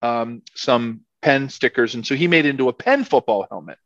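A man's voice: medium pitch, animated, normal speed, fairly bright tone, no room sound. Chatty middle-aged Philly man, dry dull audio. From Philadelphia area. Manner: rambling, loose storyteller with frequent "like" and "you know". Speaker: guest, former football player. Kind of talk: casual anecdote telling. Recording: slightly dull, dry sound.

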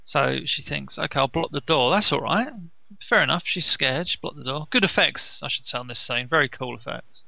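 Bright gravelly man. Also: medium pitch, normal speed, no room sound, rough recording. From United Kingdom. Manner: animated, sarcastic, laughs often, acts out quoted lines. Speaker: podcast co-host. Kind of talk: casual cartoon commentary.

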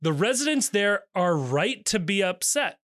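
A man's voice: sits high, sing-song, a little slow, fairly bright tone, no room sound, studio quality. A man co-hosting a podcast in casual chat, reading out online comments and laughing often. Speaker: podcast co-host.

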